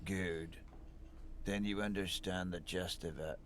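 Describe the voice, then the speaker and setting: Brief: drowsy, curt game dock worker, low voice and unhurried delivery. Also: male voice, fairly even intonation, fairly bright tone, slight background noise. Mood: surly. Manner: drowsy and evasive, curt answers. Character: sleepy, surly thirty-something male dock worker.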